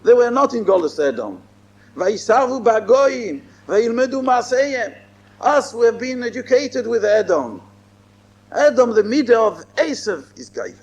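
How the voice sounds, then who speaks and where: A man's voice: extremely high pitch, big pitch swings, a little slow, dull audio. A man giving a Torah lecture as a rabbi, emphatic and repeating his phrases. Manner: emphatic, repeats phrases, mixes in Hebrew and Yiddish terms.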